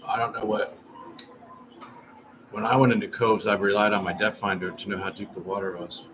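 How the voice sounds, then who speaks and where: Talking straight to his viewers, a livestream host rambles through casual chat in a lowish voice, his delivery flat and a touch quick. Noisy room ambience fills the background.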